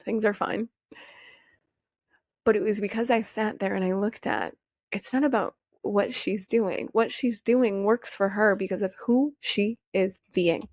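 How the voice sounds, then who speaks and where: A young woman hosting a podcast, talking casually and with energy, swearing freely and acting out her old questions in a higher voice. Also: measured pace, darkish tone, dry recording, studio quality. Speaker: podcast host. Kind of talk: casual motivational monologue.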